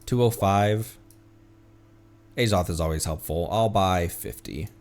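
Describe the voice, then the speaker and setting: A man's voice: low-pitched, a little slow, a little mellow. A young man streaming a game, chatting casually and thinking aloud in a playful way. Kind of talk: casual gaming commentary.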